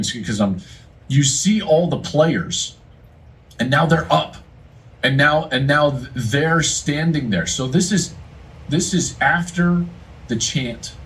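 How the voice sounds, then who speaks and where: A man's voice: mid-range voice, fairly bright tone, distant mic, low-quality recording. A man giving a football analyst's emphatic, storytelling breakdown of a game moment. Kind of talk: casual commentary breakdown.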